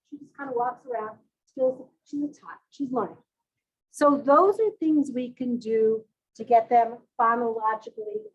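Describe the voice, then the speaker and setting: A woman's voice: a little high, narrow, tinny audio. A woman presenting a parent workshop on early reading, leading the audience through call-and-response sound drills.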